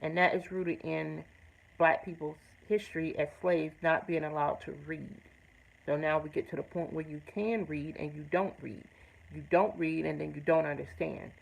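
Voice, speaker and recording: On her own show, a woman host gives personal testimony to camera in a low, gravelly voice at a moderate pace, the recording muffled. She tells her story earnestly and emphatically, using blunt, salty language.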